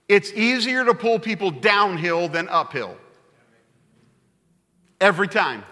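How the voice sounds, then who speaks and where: Male pastor, lively sermon storyteller, high, bright tone, long hall echo. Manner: animated storytelling, repeats phrases for emphasis.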